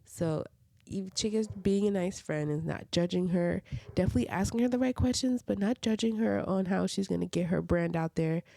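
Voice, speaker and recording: Woman, reality TV recap, dark mellow tone, dry close sound, chatty with asides. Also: medium pitch, moderate pace, vocal fry, dry recording. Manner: chatty, with many "like" fillers and side comments. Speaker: reality TV reviewer. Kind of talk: casual episode recap.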